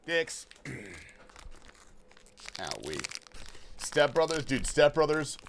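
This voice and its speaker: A man's voice: fairly high pitch, wildly swooping pitch, very slow, a little hiss or hum. A young man chatting casually and profanely on a gaming livestream, answering his chat. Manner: laid-back, slangy and profane, reading and answering chat.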